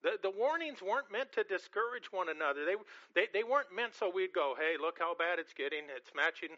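Pastor, male, very bright tone, storytelling sermon, slightly dull lo-fi recording. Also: sits high, animated, fairly quick. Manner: storytelling, repeats words often.

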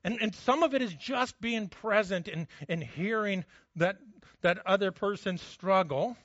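A man preaching with a fairly high voice, telling a scripture story with lively energy. He drops to a hush for the quiet moments. The sound is dry and a little dull. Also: unhurried, dry recording. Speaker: pastor. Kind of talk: sermon.

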